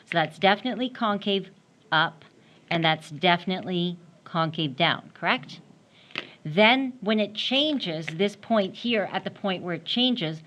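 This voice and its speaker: A woman's voice: lowish voice, fairly bright tone. A woman math teacher giving a classroom lecture, explaining step by step while she draws and often checking in with "right?".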